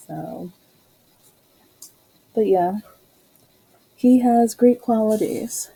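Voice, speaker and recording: Woman, podcast host, casual rambling storytelling, very mellow dark tone, breathy. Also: fairly low pitch, steady tone, measured pace, poor audio. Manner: chatty, rambling, laughs often.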